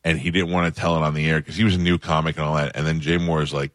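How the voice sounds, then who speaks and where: A middle-aged man hosting a radio talk show, chatting in a relaxed, conversational way. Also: a bass voice, rapid-fire, dry recording, studio quality. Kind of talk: casual radio chat.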